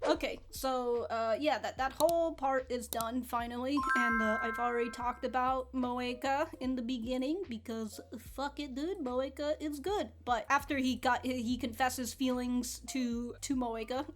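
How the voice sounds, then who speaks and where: A woman giving casual, excitable commentary on an anime episode, swearing and laughing freely. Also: high voice, a little slow, hardly any pauses, soft background music.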